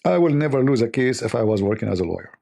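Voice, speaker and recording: A man hosting a casual livestream, his voice gravelly and husky. He rambles along in a mocking, sarcastic way, and his tone stays dark and low-lit. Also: very animated, racing. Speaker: livestream host.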